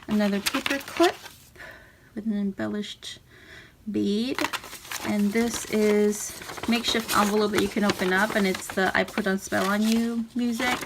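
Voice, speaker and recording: A woman casually talking through a handmade journal she is showing page by page, relaxed and chatty. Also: medium pitch, measured pace. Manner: chatty, relaxed, with fillers and soft laughs. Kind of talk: casual craft walkthrough. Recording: audible background noise.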